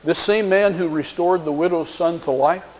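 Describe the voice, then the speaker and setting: A man's voice: on the high side, moderate pace, darkish tone. A man preaching a sermon, retelling a story and acting out the quoted lines in shifting voices. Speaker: pastor. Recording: long reverb of a large hall.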